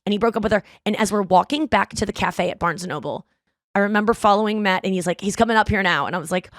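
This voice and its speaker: A woman in her thirties hosts a podcast and tells stories in a loose, chatty way. She swears freely and jumps into quoted voices with big swings in pitch. Her voice is recorded close and dry, with no room sound behind it. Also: quick pace, no room sound. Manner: animated, profane, acts out quoted lines. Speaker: podcast host. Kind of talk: casual storytelling chat.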